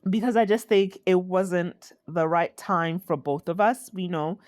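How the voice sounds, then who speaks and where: A woman from Ghana hosting her own podcast, talking in a slow, heartfelt, reflective way. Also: fairly low pitch, no room sound, clean studio sound. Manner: slow, heartfelt, with sighs and laughs. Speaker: podcast host. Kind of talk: reflective solo podcast talk.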